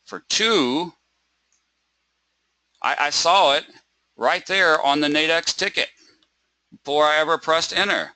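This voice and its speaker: A man's voice: on the high side, takes it slowly, pauses often, bright, forceful tone, dry recording. A man teaching a live webinar lesson. He asks rhetorical questions, checks in with "right?" and "okay?", and acts out a stressed trader by repeating words. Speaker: trading webinar instructor.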